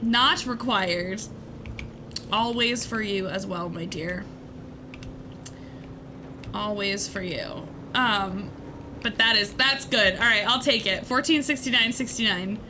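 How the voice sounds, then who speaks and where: A woman's voice: mid-range voice, a little slow, noisy background. A woman hosting a charity livestream while she plays a game, playful and giggly as she thanks donors. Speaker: streamer hosting a charity stream. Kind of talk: casual gaming livestream chat.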